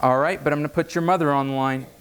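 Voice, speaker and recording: A man voicing a stern, matter-of-fact father, a little lower than his own voice. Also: fairly even intonation, racing, clear, resonant tone, lightly acted. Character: stern dry older father.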